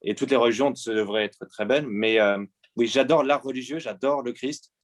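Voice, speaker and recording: Hesitant man from France in his forties. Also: mid-range voice. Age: 40s. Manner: hesitant, many pauses and fillers. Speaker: guest artist. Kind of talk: answering interview questions.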